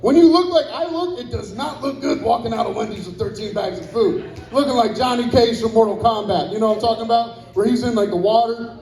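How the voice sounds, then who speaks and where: This young comic's voice is extremely high and darkish, a little fast, echoing around the club. Holding a handheld mic on stage, he rambles through a profane, crude routine and tosses remarks at the audience.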